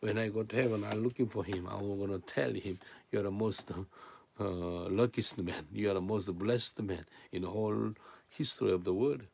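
Creaky, husky male preacher. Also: fairly even intonation, normal speed. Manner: swings between loud emphatic peaks and low hushed asides; broken non-native English grammar. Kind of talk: sermon.

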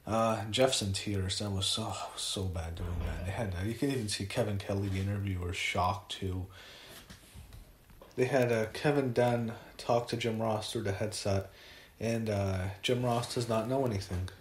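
A man giving a casual spoken review, retelling events haltingly with many fillers and restarts. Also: on the low side, reverberant, slight background noise.

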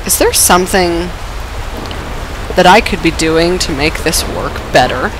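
A woman playing through a game while sick, her dry-coughing illness pushing her voice down and roughening it. She talks slowly but swings her pitch wildly, bursting into cheers, curses and laughs at her own failures. Steady noise sits under the recording. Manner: excitable, swears and laughs often, self-mocking. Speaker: let's play gamer. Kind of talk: casual gameplay commentary.

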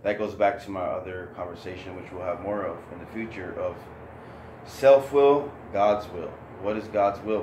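A man's voice: deep voice, reverberant, background noise. A man giving an informal, earnest talk on scripture, rambling with many restarts and emotional, close to tears. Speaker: online religious talk host.

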